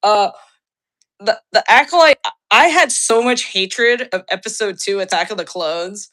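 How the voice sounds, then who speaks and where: Bright, excitable woman podcast host. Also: mid-range voice, normal speed. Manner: excitable, laughing often, many restarts. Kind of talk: casual chat.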